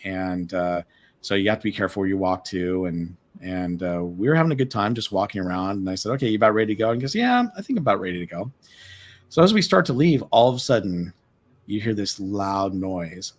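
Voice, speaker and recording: A man with a fairly low voice tells a story as a guest on a live stream. He gets excited, stumbles over repeated words and acts out what everyone said. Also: brisk. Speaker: guest, former ship tour guide. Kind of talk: animated storytelling. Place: remote live stream call.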